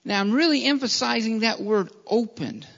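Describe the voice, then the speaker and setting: A man's voice: extremely high pitch, lively intonation, normal speed, gravelly, a bit bright. A man preaching a sermon in an earnest, repetitive style and often calling his listeners beloved. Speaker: pastor. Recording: dull lo-fi sound with long hall reverb.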